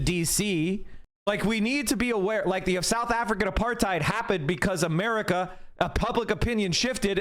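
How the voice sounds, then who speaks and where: A man's voice: sits high, fairly bright tone. A man streaming live, reacting to a clip with heated, profane political ranting. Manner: heated, swearing, rapid ranting.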